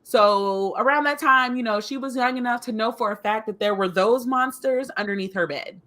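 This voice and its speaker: Woman co-host, easy laugh, telling lively stories in a chill chat. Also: fairly high pitch, moderate pace. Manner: laughs easily, lively anecdotes. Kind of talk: casual chat.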